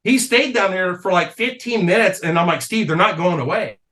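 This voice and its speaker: A man with a fairly high voice tells a wild story on a casual comedy podcast. He is loose and profane and laughs through his own tale. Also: a little fast. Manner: animated storyteller, swears a lot, laughs mid-story. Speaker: podcast guest.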